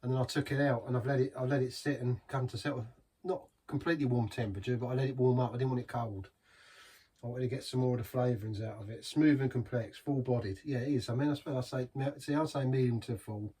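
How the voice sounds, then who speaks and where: A man's voice: mid-range voice, steady tone, fast talker, mellow, slightly rough, recorded from a distance. A man reviewing a beer in a chatty, rambling way, savouring each sip. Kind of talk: casual beer review vlog.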